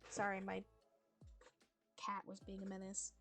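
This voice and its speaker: A woman streaming a casual reading session, keeping her voice quiet and chill on purpose. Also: medium pitch, flat delivery, moderate pace, long pauses, faint music behind. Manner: quiet and chill, soft-spoken.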